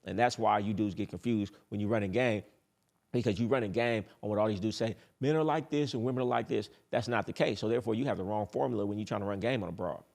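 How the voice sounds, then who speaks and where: A low-voiced man with a gravelly edge delivers a casual dating advice monologue. He talks bluntly and boastfully, swears freely, and hammers his points home by repeating them. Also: fast, darkish tone.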